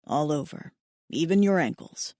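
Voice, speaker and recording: A woman voicing a protective alien barbarian man who speaks low, husky and formal, without contractions. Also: animated, normal speed, dark tone, no echo, studio quality. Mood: tender.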